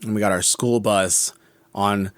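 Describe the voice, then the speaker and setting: This male podcast co-host has a lowish, steady voice and a measured pace. In a casual film chat he works through the movie scene by scene, thoughtful and critical, often stopping to correct himself partway through a sentence. The recording is dry and studio quality.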